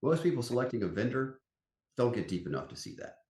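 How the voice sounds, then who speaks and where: A man's voice: mid-range voice, fast. A man, a company CEO chatting as a podcast guest, folksy and emphatic as he tells stories. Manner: animated storyteller, folksy and emphatic. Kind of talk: casual interview chat. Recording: roomy echo.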